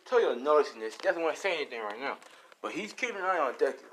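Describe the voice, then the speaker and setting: A man's voice: on the high side, big pitch swings, quick pace, fairly bright tone. A young man casually narrating an improvised fan story, rambling, swearing and full of fillers. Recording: noisy home recording.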